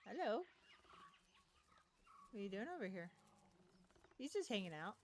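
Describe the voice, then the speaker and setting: This is a woman commenting on her own gameplay in a casual, think-aloud way. Her pitch swings around with lively animation, settling at an ordinary middle height. She fills the talk with quick excited exclamations. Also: a little hiss or hum. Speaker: gaming streamer. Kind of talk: let's play commentary.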